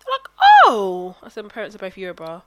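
A young woman chatting casually, often laughing loudly and quoting people. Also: medium pitch, huge pitch swings, fast, a little hiss or hum. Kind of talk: casual chat.

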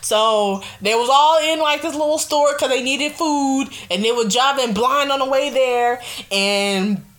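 A young woman hosting a casual radio show, chatting in an animated, excitable way and laughing often. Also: high-pitched, unhurried, few pauses. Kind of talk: casual chat.

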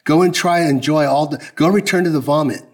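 A man's voice: fairly high pitch, quick pace. A man preaching a sermon in a conversational, emphatic way, often asking the congregation direct questions. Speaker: pastor.

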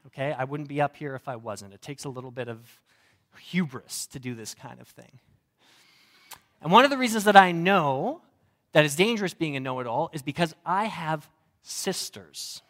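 A man's voice: on the high side, fairly bright tone. A young adult man, a pastor, preaching a sermon in a conversational, humorous way. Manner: conversational and humorous, varied delivery.

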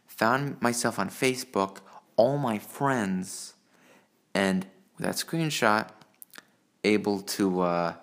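A man rambling through crude personal stories and jokes, profane and full of fillers, recorded on a phone. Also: mid-range voice. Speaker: monologue storyteller. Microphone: phone mic.

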